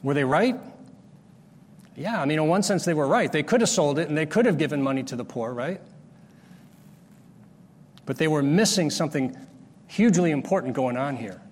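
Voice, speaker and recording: A fairly high-voiced man preaches a sermon, walking his listeners through a Bible passage. He explains patiently and sometimes stops to restart a phrase. His voice carries a long reverb, as if he stands in a large hall. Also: lively intonation, moderate pace, long pauses. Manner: explanatory, rises sharply when acting out the disciples' scolding. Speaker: pastor.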